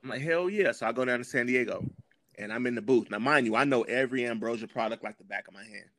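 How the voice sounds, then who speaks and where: A man talking as a podcast guest, telling a story in a casual, slangy, animated way and clearing his throat now and then. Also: medium pitch, fast, no echo, studio quality.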